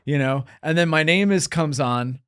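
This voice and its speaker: A comedian with a neutral American accent, chatting and telling rambling stories on a podcast, gregarious and full of fillers. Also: male voice, on the high side, normal speed, a bit bright, clear, resonant tone. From United States. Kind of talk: casual storytelling chat.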